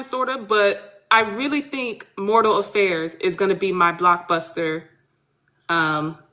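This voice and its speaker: A woman author in casual podcast chat, animated and blunt, speaking. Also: mid-range voice. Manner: animated, blunt, swears freely. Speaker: author guest.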